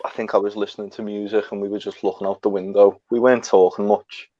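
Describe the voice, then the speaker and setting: A man's voice: on the low side, little pitch movement, quick pace, dark tone, no echo. A young man telling a rambling, sweary travel anecdote in a casual chat. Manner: swearing, rambling, laughs at own story. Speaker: storyteller guest. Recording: dry, slightly dull mic.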